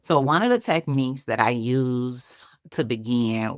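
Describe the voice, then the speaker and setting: A woman's voice: rumbling low, expressive, measured pace, dry recording, studio quality. A woman with a Chicago accent talking casually to camera as a faith-based self-help speaker, peppering her talk with "like" and "right?". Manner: conversational, frequent "like" and "right?" tags.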